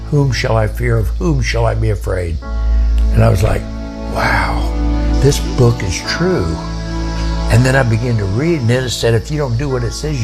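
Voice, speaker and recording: Older man with a gravelly voice, telling his testimony, low music underneath. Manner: plain, earnest storytelling, slow at times. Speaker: guest storyteller. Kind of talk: personal testimony.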